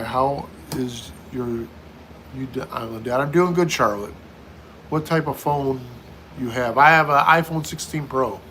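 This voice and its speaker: Reading each viewer comment aloud and then answering it, a middle-aged American hosts a casual livestream. He has a sharp-toned, mid-range voice, and there's slight background noise.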